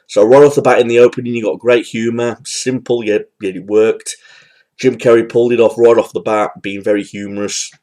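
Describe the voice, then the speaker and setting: A man's voice: mid-range voice, little pitch movement, a little fast, mellow. A man giving a casual, rambling spoken film review, full of fillers and restarts. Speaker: movie reviewer.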